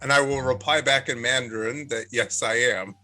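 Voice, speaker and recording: A man's voice: medium pitch, steady tone, normal speed, bright, forceful tone, faint music behind. A man playing his character in a tabletop game, given to wry banter. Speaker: player.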